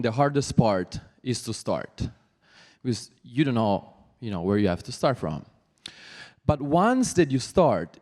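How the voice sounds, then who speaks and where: A young man with an Italian accent giving an earnest motivational talk as a guest coach, in deliberate, slightly halting English. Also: mid-range voice, a little mellow. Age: young adult. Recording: long reverb of a large hall.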